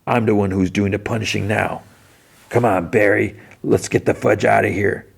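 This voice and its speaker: A man's voice: on the low side, fairly even intonation, moderate pace, vocal fry, husky, full character voice. A man voicing a vengeful older mob matriarch who speaks coldly and gloats. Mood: gloating. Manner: cold, gloating.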